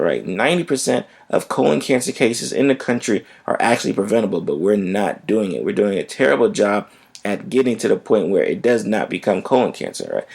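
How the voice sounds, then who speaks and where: A man's voice: on the low side, creaky, a little mellow, husky. A man who is a physician, hosting a health podcast in a casual, conversational way and often checking in with "right?".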